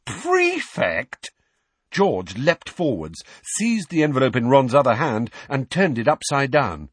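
A male narrator reads in a husky, breathy voice with a hugely animated, sweeping delivery. The sound is close and completely dry. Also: mid-range voice, normal speed, dry recording. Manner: expressive storytelling with many character voices. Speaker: audiobook narrator. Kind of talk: scripted narration.

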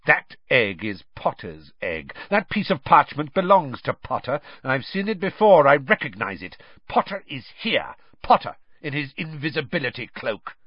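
A man's voice: medium pitch, very animated, normal speed, few pauses, breathy edge, no room sound, pitched above the performer's own voice. A man playing a cold, sneering professor in an audiobook, snarling and clipped, with suspicion in every line. The recording sounds slightly dull and dry.

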